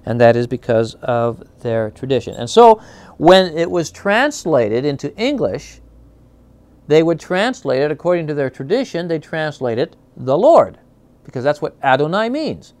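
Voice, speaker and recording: A man teaches a Bible class with a slightly high voice and a dry sound. He explains in a relaxed, chatty way, checks in with "okay?" and gropes for words. He slows right down to sound out Hebrew words. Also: no room sound. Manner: conversational, stops to check understanding with "okay?"; searches aloud for words, with fillers and restarts.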